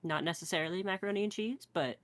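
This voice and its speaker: Playful, lower-pitched woman riffing along. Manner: playful, quick to agree and riff. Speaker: podcast co-host. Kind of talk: casual brainstorming chat.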